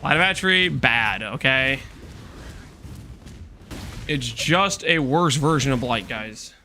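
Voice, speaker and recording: Bright-voiced streamer man, chatty. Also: medium pitch, lively intonation, slow pace, slight background noise. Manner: chatty, joking, reacting to chat; talks while walking on a treadmill. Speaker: game streamer. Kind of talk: casual live-stream chat.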